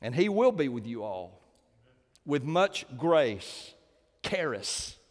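A man preaching a sermon as pastor, impassioned, dropping to hushed tones and rising to loud exclamations. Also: mid-range voice, sing-song, slow, in a large hall.

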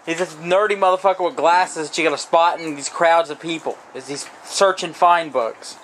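A man's voice: on the high side, moderate pace, a bit bright, slight background noise, poor audio. A man off camera who casually asks teasing questions. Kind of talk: casual chat.

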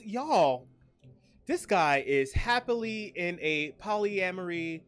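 A woman hosting a streamed trivia night, with loud, joking, slangy banter and quick put-on voices. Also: lowish voice, expressive, faint music behind. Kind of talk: casual streamed game commentary.

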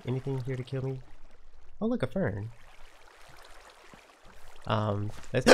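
A man giving uncut running commentary on his own game, talking to himself and venting frustration out loud. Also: medium pitch, sing-song, slow pace, long pauses. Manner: talks to himself while playing, frustrated outbursts. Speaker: Minecraft let's player.

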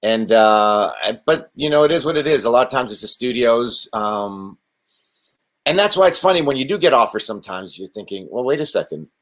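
A man, an actor and guest, telling stories in a casual interview, animated and rambling with many restarts. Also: medium pitch, moderate pace.

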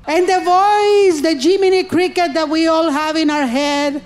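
A woman stand-up comedian, telling stories with animated acted-out voices. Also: very high voice, a little slow. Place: comedy stage.

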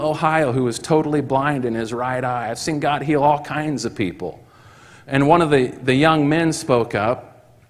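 A man preaching a sermon in church, telling a story and acting out the voices of the people in it with rising excitement. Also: mid-range voice. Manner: acts out quoted voices, rising to excited shouts. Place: church hall. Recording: long hall reverb.

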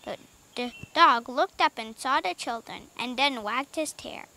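A woman reading a children's book aloud in an expressive, lively way, with small slips now and then. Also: high voice, unhurried. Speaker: audiobook reader.

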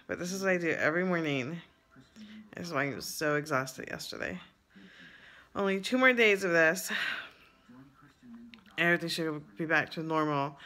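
A woman's voice: low-pitched, sharp tone. A woman in her thirties talking casually to a handheld camera, venting and tired, often from her car. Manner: chatty, venting, tired then upbeat. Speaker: vlogger. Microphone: handheld camera at arm's length.

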